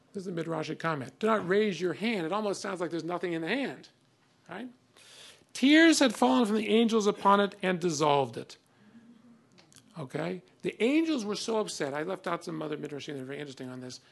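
A man's voice: high voice, gravelly. A man giving a conversational classroom lecture on old texts, reading passages aloud with emphasis between many fillers.

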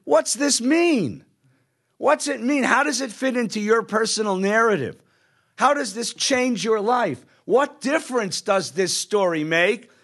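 A middle-aged man, a rabbi, telling stories in a sermon and acting out the people in them. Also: high voice. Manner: animated storyteller acting out voices. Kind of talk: storytelling sermon.

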